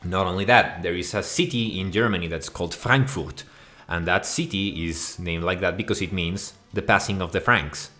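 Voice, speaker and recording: Low-voiced man ranting over slides. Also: moderate pace, pushed and bright, soft background music. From Mexico. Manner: profane, mock-outraged, rambling. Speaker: video essayist. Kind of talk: comedic rant over slides.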